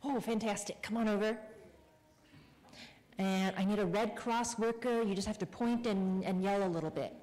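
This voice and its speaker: A woman author casting audience volunteers for a live reading, friendly and quick to laugh. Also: mid-range voice, a little mellow. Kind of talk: casual talk to a live audience. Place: public library event room. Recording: long hall reverb.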